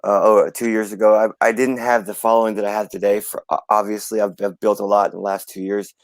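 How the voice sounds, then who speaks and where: A middle-aged man telling a heartfelt personal story in a live video chat, earnest and repeating himself, his voice rising high when moved. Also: flat delivery, fast talker, no echo, low-quality recording. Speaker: guest.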